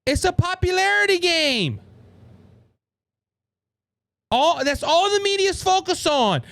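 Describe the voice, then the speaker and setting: A man with a Cajun accent delivering a political podcast monologue. His voice sits high and swings widely in pitch. He stumbles and repeats words as he presses his points fervently. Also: fairly bright tone. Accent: Louisiana Cajun. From Louisiana. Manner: fervent, repetitive, with stammered restarts. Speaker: podcast host.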